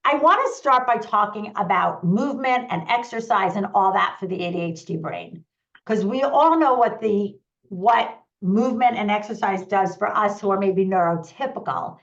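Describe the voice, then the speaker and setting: A woman hosting a live online conversation as a parenting coach, upbeat and eager, rattling off points in quick runs. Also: medium pitch, expressive, muffled recording.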